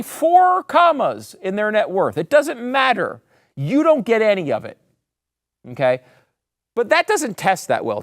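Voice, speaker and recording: A male commentary host delivers a monologue with a sarcastic, mocking edge. His pitch swings up and down in a lively, emphatic way, with a gravelly texture at the ends of phrases. The recording is dry and close. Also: dry recording.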